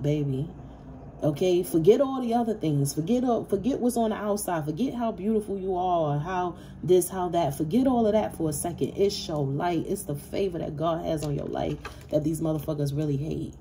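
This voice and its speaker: A tarot-reading woman speaks in with a low, mellow, dark-toned voice. She is blunt and swears freely, circling back on the same phrases to drive each point home. A faint hiss of background noise sits under the recording. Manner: blunt, profane, repetitive and emphatic. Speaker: tarot reader. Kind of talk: casual collective tarot reading.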